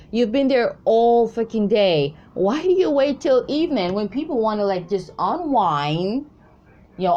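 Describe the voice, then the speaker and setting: A woman's voice: mid-range voice, a little mellow, slight background noise. Woman, exasperated casual rant, swears a lot, rambling, faint room ambience. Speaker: intuitive reader vlogger. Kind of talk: casual ranting commentary.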